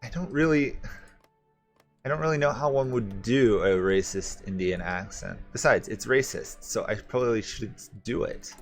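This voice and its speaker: A man streaming a strategy game, thinking aloud in a relaxed, rambling way and answering chat questions. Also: medium pitch, moderate pace, faint music behind. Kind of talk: casual gameplay commentary.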